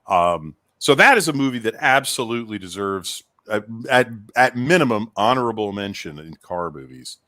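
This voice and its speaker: Bright-voiced man rambling in casual chat. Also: fairly low pitch, animated, normal speed, hardly any pauses, no room sound. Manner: rambling storyteller with many restarts.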